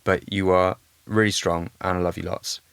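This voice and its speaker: Guy as podcast guest, earnest and reflective, lowish voice, dry close sound. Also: little pitch movement, normal speed, gravelly, a bit bright, clear, resonant tone, no room sound. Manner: reflective and earnest, thinking aloud. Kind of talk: candid podcast conversation.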